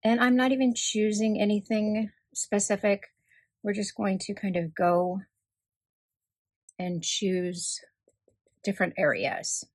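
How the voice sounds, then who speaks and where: A middle-aged woman calmly explaining card-making steps in a voice-over tutorial. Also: mid-range voice, takes it slowly, pauses often, dry recording. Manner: calm step-by-step explaining.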